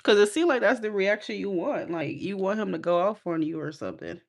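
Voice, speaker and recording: A woman's voice: medium pitch, fairly quick. A woman giving a casual live tarot reading, sassy and teasing, scolding her viewers and laughing often. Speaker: tarot reader.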